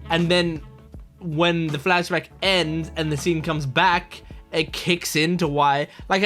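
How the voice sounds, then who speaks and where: Excitable rambling young man. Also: a little high. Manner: excited, rambling, peppered with "like" and swearing. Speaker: anime reaction host. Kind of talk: casual reaction commentary.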